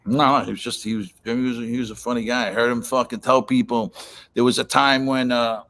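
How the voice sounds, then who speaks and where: A man's voice: mid-range voice, little pitch movement, brisk, a bit bright. A man telling stories in casual talk, profane and rambling, with many restarts. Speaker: guest storyteller. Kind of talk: casual chat.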